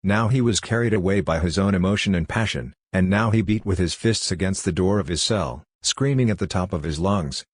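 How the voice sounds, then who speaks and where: A man narrating an audiobook in a measured, even reading style. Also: low voice, no room sound, clean studio sound. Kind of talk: scripted narration.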